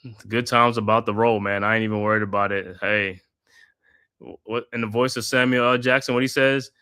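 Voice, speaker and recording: A man hosting a live watch-party stream, calling the game play by play in a steady flow with casual slang asides. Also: lowish voice, brisk, clear, resonant tone. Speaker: host.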